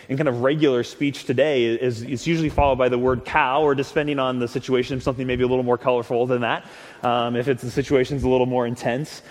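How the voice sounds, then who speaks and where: A man's voice: mid-range voice, a little mellow. A man preaching a sermon in an earnest, conversational way, often restarting and repeating words. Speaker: pastor. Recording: long hall reverb.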